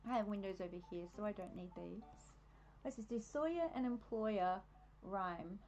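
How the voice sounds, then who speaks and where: A woman's voice: mid-range voice, lively intonation, moderate pace, a little mellow, lo-fi sound, a little hiss or hum. A woman with an Australian accent chatting casually on a live game stream, easily sidetracked and amused at herself. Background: faint game music.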